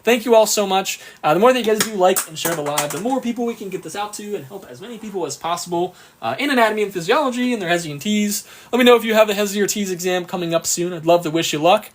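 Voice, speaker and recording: High-voiced upbeat male tutor. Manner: upbeat, reads questions slowly, thanks viewers often. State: hiccuping. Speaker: exam prep tutor. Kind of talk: live-stream Q&A lesson.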